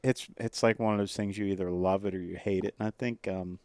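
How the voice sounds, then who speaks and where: A man's voice: deep voice, steady tone, fairly quick, darkish tone, no room sound. A man hosting a casual podcast, asking his guests questions and backing them up with short agreements. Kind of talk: casual interview chat.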